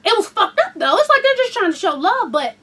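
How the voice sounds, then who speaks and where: A woman hosting a frank casual chat, telling blunt, profane stories with loud outbursts and hushed asides. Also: very high-pitched, very animated, fairly quick, recorded from a distance, heavy background noise. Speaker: host.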